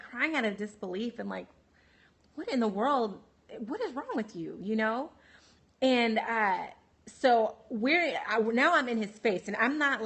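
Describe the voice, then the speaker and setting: A woman's voice: on the high side, a bit bright. Candid woman telling her story on a livestream. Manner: candid, many fillers and restarts, frequent laughs; answers viewer comments by name. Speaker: livestream host. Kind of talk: personal storytelling on a live broadcast. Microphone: phone livestream.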